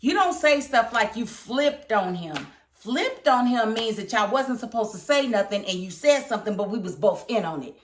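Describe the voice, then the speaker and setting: A woman reviewing a TV episode in casual commentary, animated and emphatic, scolding the characters. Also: fairly high pitch, normal speed, few pauses, echoey room. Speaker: TV show reviewer.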